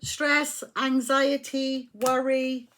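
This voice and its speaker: A fairly high-voiced woman reads tarot cards in a casual way. She talks bluntly and with heavy emphasis, and she swears when she gets riled. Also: level tone, drawn-out words, a bit bright. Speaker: tarot reader.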